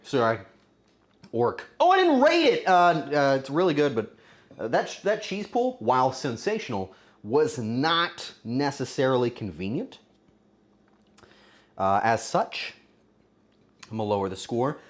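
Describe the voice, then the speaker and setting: A man streaming casually while cooking and tasting, joking crudely and bursting into loud exclamations. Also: mid-range voice, very animated, measured pace, pauses often. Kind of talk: casual cooking livestream chatter.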